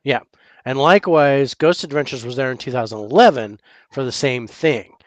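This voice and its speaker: A man co-hosting a casual chat over drinks, talking in a halting way and repeating words as he thinks. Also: mid-range voice, dry recording. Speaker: podcast co-host.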